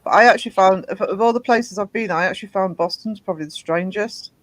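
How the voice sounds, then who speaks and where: High-voiced man, halting chat. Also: a bit bright, no room sound, low-quality recording. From Britain. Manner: halting, lots of ums and restarts. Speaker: host. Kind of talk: casual livestream chat.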